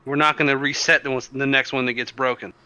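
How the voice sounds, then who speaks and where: A man's voice: medium pitch, fairly even intonation, fairly quick, sharp tone, clear, resonant tone, no room sound, poor audio. A man playing a tabletop game, bluntly describing his character's actions. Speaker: player. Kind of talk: casual tabletop play.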